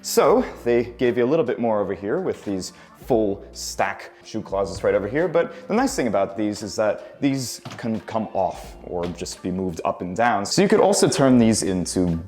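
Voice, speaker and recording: A man's voice: fairly low pitch, sing-song, normal speed, hardly any pauses, darkish tone, faint music behind. A man hosting a property tour vlog, walking through rooms and streets in an upbeat, chatty, joking manner. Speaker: real estate tour host. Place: on location, indoors and outdoors.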